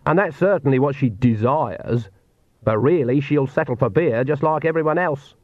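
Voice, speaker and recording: A man reading an audiobook, voicing a shrewd, unflappable old witch who talks in a dry, measured, quietly menacing way. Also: mid-range voice, no room sound, pitched above the performer's own voice, lightly acted. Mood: calm threat. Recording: dull, muffled audio.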